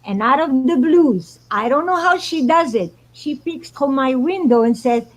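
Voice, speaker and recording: A woman's voice: sits high, lively intonation, moderate pace, low-quality recording. A woman guest on a talk show, telling spiritual stories in an earnest, meandering way. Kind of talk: casual storytelling chat.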